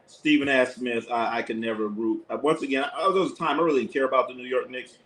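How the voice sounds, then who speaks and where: A man's voice: medium pitch, fast, a bit bright, slight background noise, rough recording. Blunt, profane man calling a game live. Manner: blunt, opinionated, profane, repeats himself. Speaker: live sports commentator, channel host. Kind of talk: casual live game commentary to a chat.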